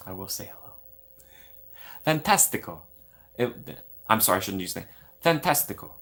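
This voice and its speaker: Man, fairly low voice, young adult, live stream host, playful, self-mocking, chatting to viewers from home. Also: fairly even intonation, fast, gravelly, sharp tone. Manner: playful, self-mocking, reads chat aloud. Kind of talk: casual live stream chat.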